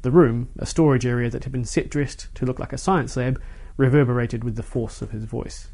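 A man reading a short story aloud as its narrator, in a measured storytelling manner. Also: mid-range voice, fairly even intonation, a little mellow.

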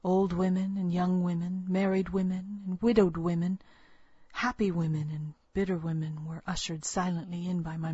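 A woman narrating a first-person story with a measured, earnest storytelling manner. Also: on the low side, dark tone, husky, no echo. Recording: dull, lo-fi, dry recording.

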